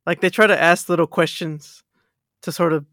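A man with an American accent from Texas, a podcast guest telling stories in a casual, animated way and laughing often. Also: fairly high pitch, moderate pace, no echo, clean studio sound. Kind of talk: casual conversation.

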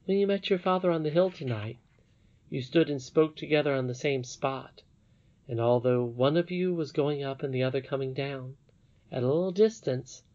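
A man reading an audiobook, voicing a wise, gentle old princess in a solemn, measured way. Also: medium pitch, muffled recording, natural voice.

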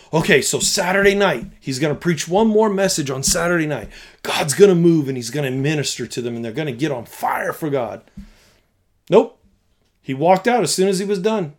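A man with a somewhat raised voice tells a story in conversation, as a youth pastor. He acts out his own past thoughts and lines. His delivery is animated, going from loud bursts down to near-hushed tones. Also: on the high side, normal speed.

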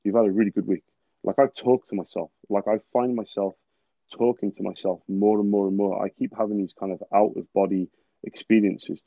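A man's voice: fairly low pitch, steady tone, normal speed, no room sound. A man hosting a podcast, talking in earnest, rambling stretches in casual interview chat. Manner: rambling, earnest, talks in long run-on stretches. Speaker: podcast host. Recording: tinny phone-like line.

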